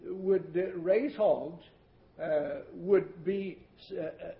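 A high-pitched male preacher delivers a sermon, folksy and emphatic, dropping from loud declaiming into hushed asides. His voice rings through a roomy church. The old recording sounds muffled and dull. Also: extremely slow, vocal fry. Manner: folksy and emphatic, repeats words for effect.

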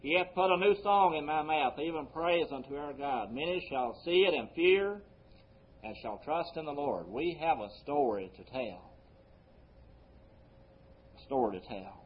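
A male pastor preaching a sermon, swinging between loud emphasis and quiet low phrases, slowing down on scripture quotes. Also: expressive, highs cut off.

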